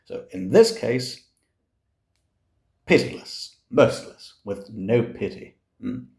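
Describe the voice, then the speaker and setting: Slow, patient man teaching diction in an echoey room. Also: lowish voice, big pitch swings, creaky, darkish tone. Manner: slow and patient, models words repeatedly, murmurs "mm" often. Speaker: Italian diction teacher for singers. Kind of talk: relaxed explanatory lesson.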